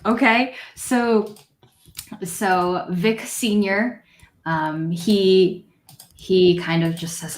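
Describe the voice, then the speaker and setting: Woman game master, slow pace, mid pitch, narrating a tabletop game. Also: reverberant.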